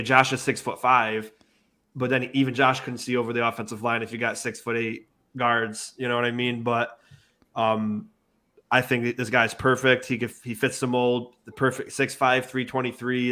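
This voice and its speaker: A man chatting on a sports podcast panel in a casual, rambling way. His pitch stays flat and even, and he often doubles back to repeat himself. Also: normal speed.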